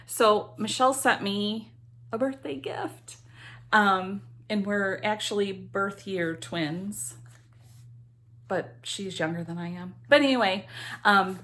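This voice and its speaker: A woman's voice: mid-range voice, fairly bright tone. A middle-aged woman chatting casually to camera about her cross stitch hobby, rambling with many ums and asides.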